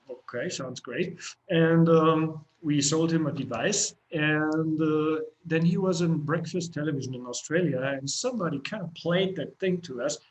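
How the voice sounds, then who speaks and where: A man's voice: on the high side, low-quality recording. Chatty rambling middle-aged man. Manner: chatty, rambling, frequent fillers and restarts. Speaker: company co-founder and CEO. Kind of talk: casual spoken interview.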